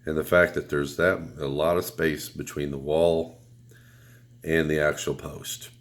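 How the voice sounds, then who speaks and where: A man with a cold and a deep, announcer-like voice, giving a relaxed, rambling product review with blunt remarks and some swearing. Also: unhurried. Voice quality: deep radio announcer sound. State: has a cold.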